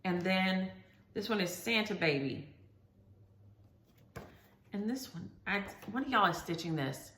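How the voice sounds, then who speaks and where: A woman's voice: medium pitch, animated, a little slow, pauses often, pushed and bright. A woman hosting a chatty show-and-tell video, gushing over each item and talking straight to her viewers. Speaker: host. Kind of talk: casual show-and-tell chat. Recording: roomy echo.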